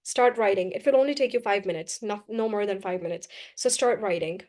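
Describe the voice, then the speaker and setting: A woman's voice: medium pitch, brisk, a little mellow. A young woman teaching English in a live online class, talking straight to her students, encouraging them and repeating her key points. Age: young adult.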